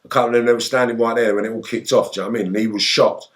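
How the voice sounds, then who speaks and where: A man, a guest in an interview, telling a story in lively, swearing style and acting out the lines he quotes. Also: medium pitch, racing. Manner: animated, swearing, acts out shouted quotes.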